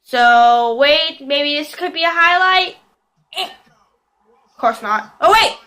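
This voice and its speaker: A young woman giving casual commentary over a football video game, shouting and squealing at plays and chatting to her pet bird. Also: high voice, expressive, slow, long pauses. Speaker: gaming video host.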